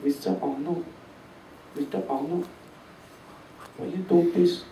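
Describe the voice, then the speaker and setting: A man's voice: on the high side, slow pace, creaky, mellow, far from the mic. A man voicing a fawning young woman who pleads in broken-English phrasing, recorded from across an echoey, noisy room. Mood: adoring.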